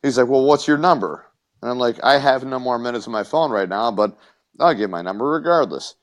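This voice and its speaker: A man's voice: mid-range voice, brisk. A man co-hosting a casual podcast, telling a crude story in rambling bits with stammers and swearing. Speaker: podcast co-host.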